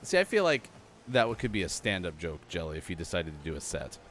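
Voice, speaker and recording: A man's voice: sits low, very animated, quick pace, fairly bright tone, slight background noise. A man hosting a casual morning show, chatty and laughing at his own jokes. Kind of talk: casual live-stream chat.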